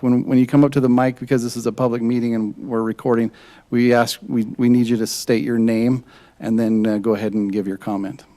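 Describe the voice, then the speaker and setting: A man chairs a public council meeting. His voice is mellow and relaxed as he explains the procedure. He often stumbles and repeats his words when starting a sentence. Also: mid-range voice.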